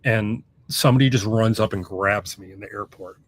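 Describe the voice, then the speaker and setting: A man's voice: lowish voice, moderate pace, slight background noise. A man being interviewed as a guest author, talking casually in a loose, profane, rambling way with lots of fillers.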